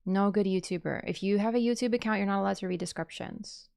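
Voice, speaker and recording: A woman talking through a trailer as a YouTuber, rambling and gushing. Her voice sits at an ordinary middle pitch. She swings from loud bursts of excitement into hushed, half-whispered asides. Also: fast talker, vocal fry, clear, resonant tone. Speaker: YouTuber reacting to a game trailer. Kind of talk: excited casual reaction commentary.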